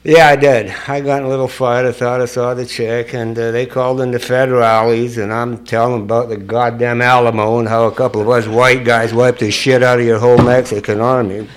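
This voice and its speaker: A man's voice: mid-range voice, little pitch movement, a little fast, few pauses. A man from Scotland with a Scottish accent, telling his life story to a recovery meeting in a profane, joking way. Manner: profane, joking, chuckling at his own stories. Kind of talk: confessional storytelling to an audience.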